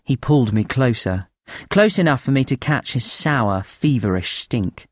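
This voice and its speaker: A man narrating a dark tale in the first person, in a measured, grave manner. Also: mid-range voice, expressive, no echo, clean studio sound.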